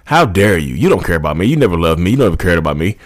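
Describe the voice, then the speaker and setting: A man doing a low, aggrieved gaslighting partner. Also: sing-song, very fast, no echo, clean studio sound. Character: defensive gaslighting partner, adult.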